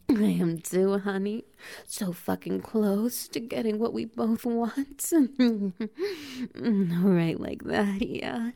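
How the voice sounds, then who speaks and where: A woman voices a dominant, teasing cat-like creature with a tail, whispering slowly and breathily through a role-play with frequent soft laughs. Her voice is medium in pitch.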